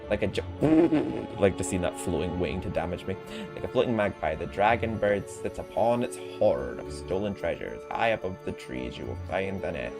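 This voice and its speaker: A man's voice: sits low, lively intonation, normal speed, vocal fry. A man streaming casual gameplay commentary, chatty, laughing often and swearing. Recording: game music underneath.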